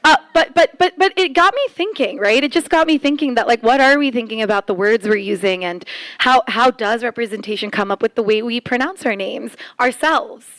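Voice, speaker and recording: Chatty woman panelist, high and dry. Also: brisk, fairly bright tone, dry recording. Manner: chatty, laughing, many fillers. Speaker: panelist and arts center organizer. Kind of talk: casual panel talk. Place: conference room.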